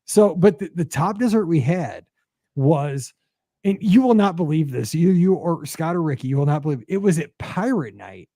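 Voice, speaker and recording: A man in his forties hosts a podcast in a loose, chatty way, and his voice sits fairly high. He pads his stories with fillers and jumps up sharply in pitch when excited. The sound is dry and close to the mic. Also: moderate pace, no room sound. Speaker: podcast host. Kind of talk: casual chat.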